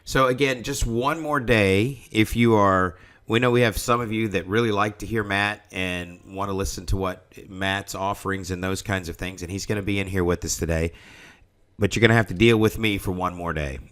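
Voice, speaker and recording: A man's voice: fairly low pitch, steady tone, normal speed, a bit bright. A man hosting a live trading session, talking casually and rambling, often restarting his sentences. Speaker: trading room host. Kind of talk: casual live market commentary.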